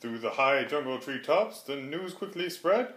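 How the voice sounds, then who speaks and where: A man's voice: medium pitch, lively intonation, measured pace, fairly bright tone, a little hiss or hum. A man reading a rhyming storybook aloud with a rhythmic, sing-song delivery. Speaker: reader. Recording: roomy echo.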